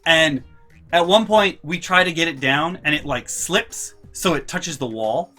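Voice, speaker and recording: A young man vlogging a storytime, telling family anecdotes in an animated, sweary, casual way. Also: a little high, measured pace, faint music behind. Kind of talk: storytime vlog.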